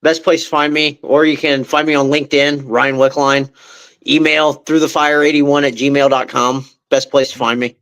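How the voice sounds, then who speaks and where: A man's voice: mid-range voice, flat delivery, normal speed, fairly bright tone, clean tone. A man guest on a podcast, chatting casually and laughing as he tells an anecdote.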